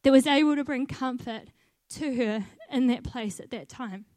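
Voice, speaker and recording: A woman's voice: sits high, moderate pace, a little mellow, no echo. Earnest woman telling a story, dry close sound. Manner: earnest storytelling, laughing at herself. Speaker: volunteer team leader. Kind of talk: personal testimony.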